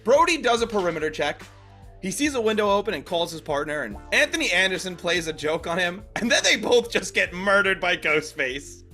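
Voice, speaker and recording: A high-pitched man with a bright, ringing voice recaps a movie for a podcast. He talks with a lot of swing in his pitch and tosses in sarcastic asides. Faint music plays underneath. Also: very animated, brisk. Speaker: podcast co-host recapping a film. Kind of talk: casual podcast chat.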